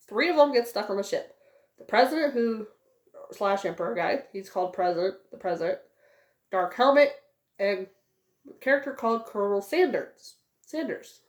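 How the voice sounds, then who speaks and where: A woman's voice: medium pitch, darkish tone, roomy sound. A woman giving a casual spoken movie review, rambling with many fillers.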